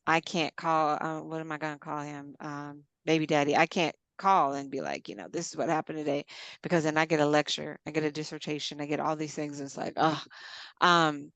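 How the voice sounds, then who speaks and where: A woman in casual chat who tells animated stories, acting out quotes with big jumps in pitch. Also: brisk, no echo.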